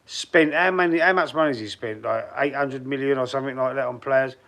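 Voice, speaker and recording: A man's voice: medium pitch, a little fast, gravelly, fairly bright tone. A man from London's East End with a Cockney accent, chatting on a football fan live stream and reading out viewers' comments. He rambles a little and restarts his sentences. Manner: speaks straight to chat viewers by name.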